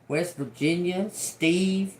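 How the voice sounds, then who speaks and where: A man's voice: high-pitched, slow, slight background noise. A man doing a casual tarot reading, rambling and cursing, often repeating single words as they come to him. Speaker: tarot reader.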